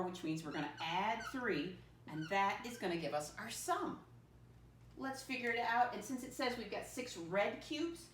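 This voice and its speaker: A woman speaking at an ordinary middle pitch as a first-grade teacher giving a recorded lesson. She is patient and encouraging, and she counts aloud slowly and clearly so young children can follow along. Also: a little hiss or hum. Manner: patient, encouraging, often says "my friends".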